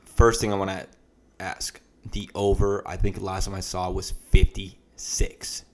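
A man in his late twenties co-hosting a casual sports podcast, joking around with quick swings between mumbling and loud outbursts. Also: deep voice, completely flat delivery. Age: late 20s. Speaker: podcast co-host.

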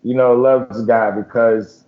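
Man, ex-football player, podcast co-host, relaxed, filler-heavy, muffled audio. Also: medium pitch, measured pace. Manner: relaxed, lots of "you know" and "man". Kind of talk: casual sports chat.

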